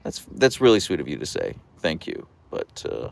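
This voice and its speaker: Calm, creaky-voiced man chatting on a livestream. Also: a bass voice, normal speed. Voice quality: calm, radio-like voice. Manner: soft-spoken, relaxed, reads viewer comments aloud. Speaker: livestream host. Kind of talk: casual live-stream chat reading comments.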